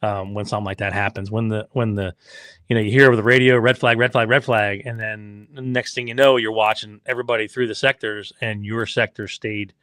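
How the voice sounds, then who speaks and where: Animated, swearing man telling stories. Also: fairly low pitch, a little fast, no room sound, clean studio sound. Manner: animated storyteller, acts out quotes, swears freely. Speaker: racing team owner and father of a rider. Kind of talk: casual podcast chat.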